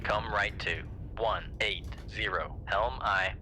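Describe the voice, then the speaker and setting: A man's voice: lowish voice, fairly even intonation, takes it slowly, noisy background. A man voicing a male submarine crewman in a game, giving clipped, formulaic helm and sonar callouts. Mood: terse. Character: male submarine crew voice calling out helm orders. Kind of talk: game voice lines. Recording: game audio under music.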